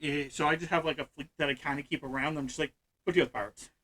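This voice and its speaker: A man hosting a casual let's-play chat about a strategy game, hyper, loud and fast-talking. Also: a little high, flat delivery, slight background noise, poor audio. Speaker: gaming channel host. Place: hot room at home.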